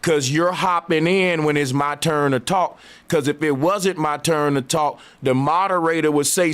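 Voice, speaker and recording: A man's voice: on the high side, normal speed, hardly any pauses, a bit bright, smooth. A man in a heated live debate, arguing insistently and repeating his points. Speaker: debate show host.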